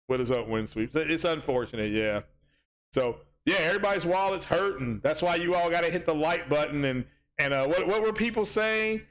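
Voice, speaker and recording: A man's voice: fairly high pitch, animated, normal speed, a bit bright. A man hosting a casual gaming livestream, rambling with many ums and restarts as he reads chat aloud.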